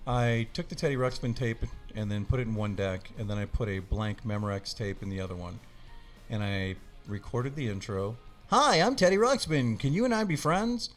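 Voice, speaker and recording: A man's voice: fairly low pitch, quick pace, soft background music. A man as a podcast guest, telling a story animatedly with many laughs and acted-out voices. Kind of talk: casual storytelling.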